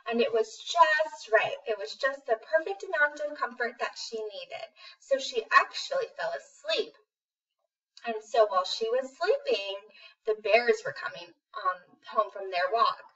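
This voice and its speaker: A woman telling a children's story in a relaxed, unhurried way. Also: a little high, far from the mic, highs cut off. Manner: relaxed, unhurried with some ums. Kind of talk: casual storybook narration.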